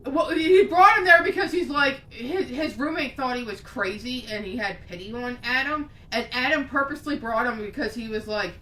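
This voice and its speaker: A woman's voice: on the high side, moderate pace, few pauses, pushed and bright, far from the mic. A woman co-hosting a podcast, giving a blunt, profane movie review in casual chat. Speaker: podcast co-host. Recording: echoey room, off-mic.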